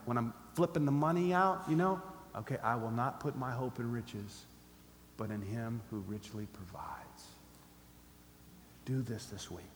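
A man's voice: medium pitch, darkish tone, a little hiss or hum. A man preaching a sermon as pastor, emphatic, leading his listeners in call-and-response. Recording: echoey hall, faint ambience.

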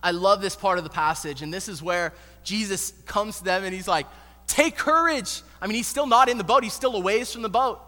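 A man preaching a sermon in an animated, slangy storytelling manner, recorded in an echoey hall. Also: high-pitched, quick pace, few pauses. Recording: echoey hall with long reverb.

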